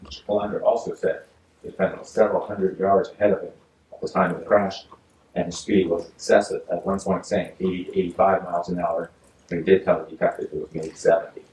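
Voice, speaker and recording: Deep-voiced judge in an echoey courtroom. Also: male voice, level tone, darkish tone, far from the mic. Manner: measured, formal legal delivery with frequent uhs. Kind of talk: reading a ruling from the bench. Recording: echoey courtroom audio from afar, faint hiss.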